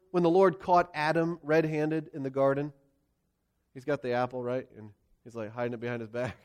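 Man, pastor, Pennsylvania accent, sermon, expressive storytelling, rhetorical questions, lively pitch.

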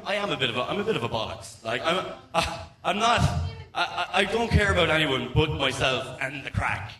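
A man's voice: a little high, sharp tone. A man in his thirties with an Irish accent doing a stand-up comedy set, profane and rambling, stumbling over restarts. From Ireland. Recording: echoey room, mic at a distance.

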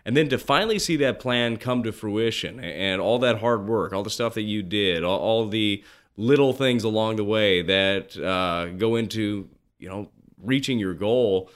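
Man telling stories in a lively way. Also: on the low side, normal speed. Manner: animated, acts out quoted voices, many restarts. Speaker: guest, former pro baseball pitcher. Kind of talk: casual interview storytelling.

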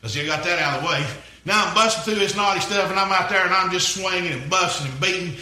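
A man's voice: high-pitched, fast, pushed and bright, reverberant, poor audio. A man preaching a rambling, folksy story-sermon, repeating himself as he goes.

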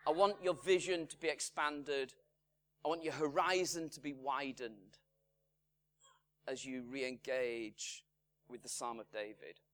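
A man preaching a sermon, measured and emphatic, his voice swinging from strong lines down to hushed, quiet ones. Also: mid-range voice, steady tone. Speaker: pastor. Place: church in Salford.

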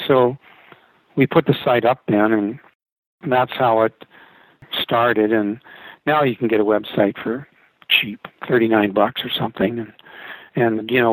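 A man's voice: mid-range voice, no echo, rough recording. A middle-aged man, a real estate agent, talking at length in a casual interview with rambling restarts. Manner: talkative, rambling, frequent restarts.

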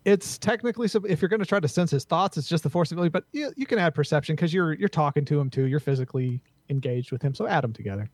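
A man narrating as game master in a tabletop role-playing game, laid back and quick to laugh. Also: on the high side, expressive, a little mellow, no echo.

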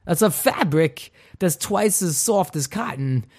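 A man doing an impression of a well-known actor, with a slow, oddly paced drawl. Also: high-pitched, expressive, a little mellow, slightly rough, voice pushed up, exaggerated voice. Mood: mock-dramatic.

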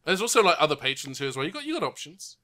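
A man running a tabletop game as game master, making relaxed, quick asides. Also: on the high side.

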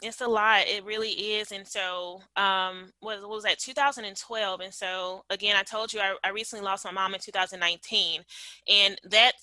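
A woman's voice: mid-range voice, fairly even intonation, normal speed, sharp tone, dry recording, poor audio. A woman in her late twenties, sharing a personal story as a guest in a candid, reflective way, with frequent fillers and restarts. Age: late 20s.

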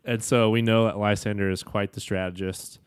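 A man in his thirties co-hosting a casual podcast, laughing often in a relaxed, nerdy way. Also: fairly low pitch, a little fast, clean tone, dry recording, studio quality. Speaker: podcast co-host. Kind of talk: casual chat.

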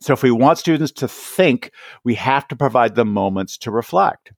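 A man's voice: mid-range voice, moderate pace, gravelly, no echo, clean studio sound. A man being interviewed as an author on teaching, talking conversationally and often checking in with "right?". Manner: animated, acts out quoted voices, frequent "right?" tags. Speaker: author and education guest.

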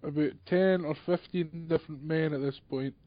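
A man's voice: fairly high pitch, fairly even intonation, normal speed, dry recording. Blunt Scottish man, dry lo-fi mic. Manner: blunt, sweary, laughs easily. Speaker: podcast co-host. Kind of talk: casual film review chat.

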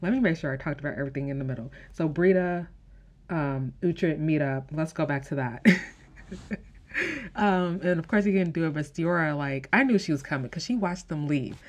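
A woman with a low-pitched voice talks through a season recap. She speaks casually, using lots of "like" and "um" fillers and breaking into quick exclamations. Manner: chatty, many "like"s and "um"s, laughs and gasps. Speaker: show recapper.

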